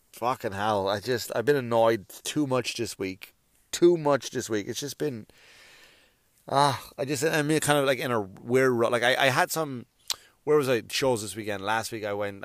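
Rambling, profane stand-up comic, smooth voice. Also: male voice, mid-range voice, moderate pace, dry recording, clean studio sound. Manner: profane, rambling, with frequent restarts. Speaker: stand-up comedian. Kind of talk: casual rambling monologue.

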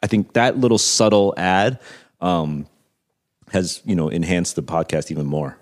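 A man's voice: deep voice, unhurried. A man hosting a podcast, talking in an easygoing way, backing up his co-host and asking follow-up questions. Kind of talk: casual podcast conversation.

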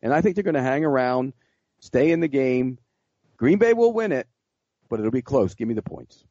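A man giving blunt, halting picks as a sportswriter in casual podcast chat. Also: medium pitch, lively intonation, dark tone, no echo. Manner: blunt, halting, restarts often. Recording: dry dull lo-fi podcast audio.

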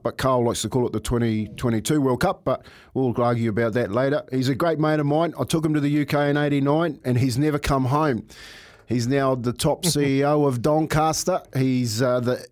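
A man's voice: medium pitch, darkish tone. Jokey, matey male sports radio host. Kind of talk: casual radio chat.

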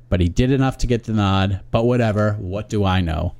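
A man's voice: on the low side, fairly quick, darkish tone, no echo. Wry man reading emails, dry sound. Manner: wry, reads listener emails aloud. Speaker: podcast co-host. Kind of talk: casual sports podcast chat.

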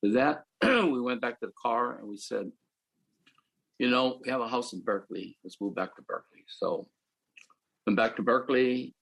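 An older man from the Philippines, calmly telling his life story as a panel speaker. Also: mid-range voice, moderate pace, creaky, poor audio. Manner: reflective, matter-of-fact storytelling. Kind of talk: personal storytelling.

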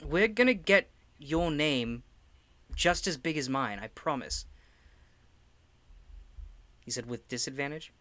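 A man's voice: on the high side, lively intonation, slow pace, pauses often, sharp tone, no room sound. A man playing a tabletop role-playing game, chatting casually and swearing. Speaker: player.

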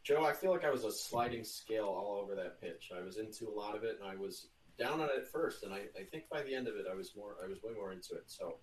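A man's voice: on the low side, animated, fast talker, few pauses. A man hosting a casual podcast, amused and conversational as he reacts and moves things along. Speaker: podcast host. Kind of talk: casual chat. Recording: roomy, distant from mic.

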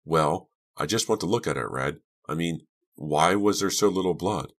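Guy reading as an earnest teen girl, pushy with questions, audiobook, super low voice. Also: moderate pace, fairly bright tone. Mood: questioning. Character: teen girl narrator, curious would-be doctor.

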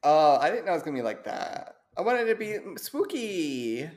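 A woman's voice: deep voice, sing-song, moderate pace, darkish tone. A woman chatting casually and reading short horror stories aloud, laughing often and stumbling over long words.

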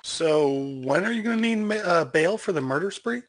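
A man cracks jokes on a casual podcast. His voice is high and swoops around a lot as he talks, and his remarks come as quick asides. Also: expressive, dry recording, studio quality. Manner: wisecracking. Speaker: podcast co-host. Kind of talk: casual chat.

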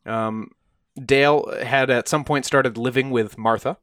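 A man's voice: medium pitch, fairly even intonation, a little slow, a bit bright, clear, resonant tone, no echo, clean studio sound. A man co-hosting a podcast, telling a true crime story in a casual, conversational way and briefly acting out the quoted voices.

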